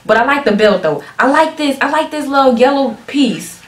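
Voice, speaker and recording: A woman talking casually and excitedly to her viewers as she reacts to a music video, often restarting her sentences. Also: high voice, normal speed. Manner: excitable, talks straight to viewers, frequent restarts. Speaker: reaction vlogger. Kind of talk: casual chatty video commentary. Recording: echoey room.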